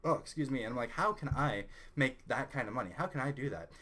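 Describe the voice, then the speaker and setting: A young man with a Canadian accent, hosting his own channel and telling a personal story in a lively, excitable way. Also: medium pitch, quick pace. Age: young adult. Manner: animated, excitable storyteller who rises loud when indignant. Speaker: channel host. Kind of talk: casual storytelling vlog.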